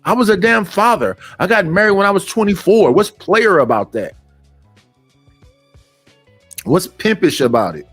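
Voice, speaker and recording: Fifties male streamer from Oakland, California: high-pitched, blunt, rambling, dry close sound. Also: no echo. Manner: blunt, rambling, quotes others in put-on voices. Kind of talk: casual ranting commentary.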